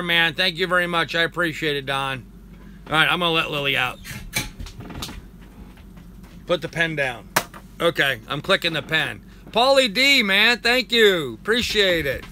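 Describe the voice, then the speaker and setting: A man's voice: high voice, bright, forceful tone, slight background noise. An older man hosting a casual live chat from home. He rambles, thanks viewers by name and coos at his dog. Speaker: live-stream host.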